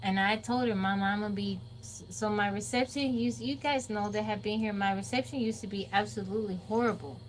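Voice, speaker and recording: A woman's voice: medium pitch, fairly quick, few pauses, slight background noise. A woman chatting casually on a livestream, acting out quotes and laughing often. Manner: animated storyteller, acts out quotes, laughs often. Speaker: livestream host. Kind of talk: casual chat with live viewers. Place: off-grid home.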